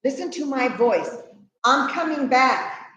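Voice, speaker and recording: A woman's voice: sits high, animated, takes it slowly, bright, forceful tone, full character voice. A woman voicing a desperate young father at a river's edge, giving pleading, insistent commands. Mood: urgent. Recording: echoey church hall.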